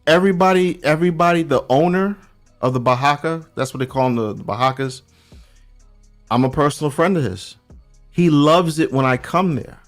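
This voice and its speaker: A man from New York with a New York accent, chatting casually as a guest and telling animated stories in loose slang. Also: on the high side, moderate pace, soft background music. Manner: animated storyteller, acts out quoted voices, loose slangy talk. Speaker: podcast guest. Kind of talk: casual chat. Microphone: remote call.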